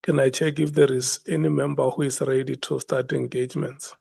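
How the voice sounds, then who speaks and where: A man's voice: mid-range voice, flat delivery, a little fast, creaky, mellow, breathy edge, no room sound. A man chairing a parliamentary hearing, hesitant and often repeating words as he restarts. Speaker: committee chair.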